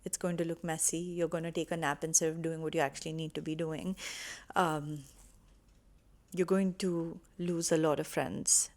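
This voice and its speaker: A woman vlogger with a low-pitched, darkish voice speaks at a moderate pace with little pitch movement. Earnest and reassuring, she talks casually and heartfeltly to camera, sharing personal healing advice.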